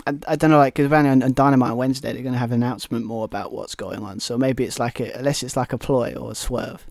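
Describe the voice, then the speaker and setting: British male podcast co-host, mid pitch, rambling chat, dry close mic. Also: fairly even intonation, very fast, vocal fry, darkish tone, no echo. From Britain. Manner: rambling, many restarts and fillers. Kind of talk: casual chat.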